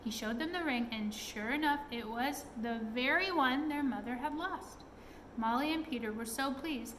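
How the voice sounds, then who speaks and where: A woman's voice: high-pitched, moderate pace, fairly bright tone, slight background noise, rough recording. A woman reading a storybook aloud expressively, sometimes asking her listeners questions.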